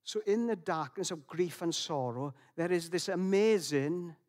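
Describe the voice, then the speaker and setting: A man gives a sermon in a fairly high voice. He talks in a gentle, reflective way, often restarting his phrases and pausing on fillers. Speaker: preacher.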